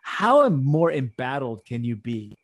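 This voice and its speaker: A man's voice: medium pitch, sing-song, unhurried, breathy edge. A man co-hosting a podcast, joking around, swearing and laughing through casual banter. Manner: jokey, laughs a lot, swears. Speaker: podcast co-host.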